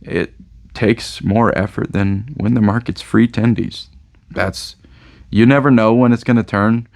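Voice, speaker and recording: A man's voice: on the low side, fairly even intonation, measured pace, vocal fry, a little mellow. A man who runs a game store, chatting casually in a rambling monologue that often trails off into uncertain asides.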